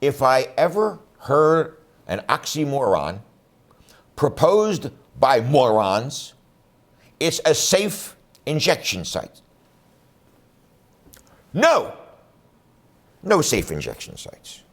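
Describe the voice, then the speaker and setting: A man's voice: mid-range voice, very animated, takes it slowly. A man running for district attorney, speaking bluntly and emphatically in a campaign address. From Philadelphia area. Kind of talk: campaign speech to camera.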